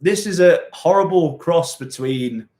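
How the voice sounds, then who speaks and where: A man's voice: on the high side, a little slow, darkish tone. A man from Hereford with a Gloucestershire West Country twang and a touch of Welsh, hosting a fitness live stream from a cold home gym shed. He is jokey and rambling, laughs often, and chats casually as he reads out viewers' comments. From England, born in Hereford. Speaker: fitness channel host.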